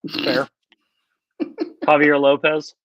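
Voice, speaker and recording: A man co-hosting a casual talk show, animated and argumentative, getting loud when he presses a point. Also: fairly high pitch, extremely slow, dry recording, low-quality recording. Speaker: podcast co-host. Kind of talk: casual chat.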